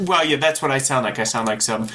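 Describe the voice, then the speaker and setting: A man co-hosting a podcast in casual chat, talking in a chatty, self-deprecating way. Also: fast talker. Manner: chatty, self-deprecating, animated pitch jumps. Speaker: podcast co-host.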